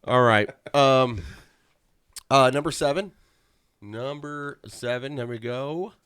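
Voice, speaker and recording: A man's voice: mid-range voice, slow pace, fairly bright tone, smooth, no room sound, clean studio sound. A man hosting a casual podcast chat, laughing often and rambling through stories with lots of fillers. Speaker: podcast host.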